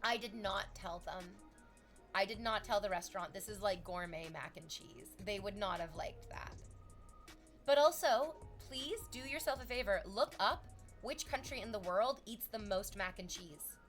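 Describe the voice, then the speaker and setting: A young woman streamer from Canada chatting casually with her viewers, telling stories with lively acted-out voices. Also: mid-range voice, normal speed, faint music behind. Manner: animated storytelling, acts out voices.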